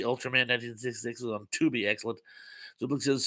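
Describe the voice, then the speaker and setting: A man's voice: mid-range voice, moderate pace, pushed and bright. A man in his fifties hosting a casual live chat, reading viewer comments aloud and chatting between them with plenty of fillers. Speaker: host.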